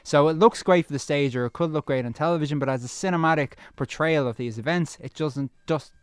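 A man's voice: fairly high pitch, quick pace, clean tone, no room sound. A man giving a chatty film review on the radio, with many ums and asides.

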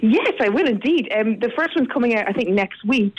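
A woman's voice: fairly high pitch, expressive, brisk, slightly rough, no room sound. A chatty woman, an actress and writer, talking through her projects in an easy interview. She laughs readily between thoughts. The line sounds dull and lo-fi, with a dry, close sound. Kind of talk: casual radio interview chat.

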